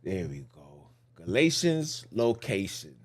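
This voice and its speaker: A man's voice: sits low, sing-song, takes it slowly. Guy preaching casual on a podcast, voice swings up and down a lot, keeps repeating himself. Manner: repetitive, emphatic, rhetorical questions. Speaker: podcast host teaching scripture.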